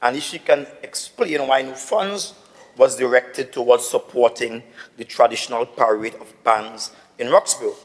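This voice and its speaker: A man's voice: mid-range voice, normal speed. Indignant Trinbagonian assemblyman in a reverberant chamber. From Tobago. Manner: indignant, insistent, repetitive. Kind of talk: parliamentary debate.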